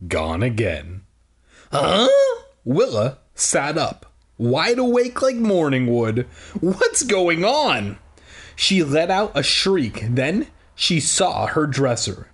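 A man's voice: medium pitch, breathy edge. An irreverent young man reading a storybook aloud. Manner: irreverent, ad-libbing crude jokes. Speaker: storybook reader. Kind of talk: casual storybook read-aloud with asides.

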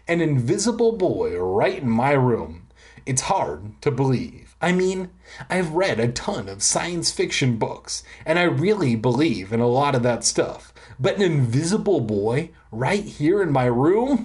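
Narrator reading a kids' book aloud: unhurried, lively pitch, sarcastic cussing asides. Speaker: reader. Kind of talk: audiobook reading with crude comic asides.

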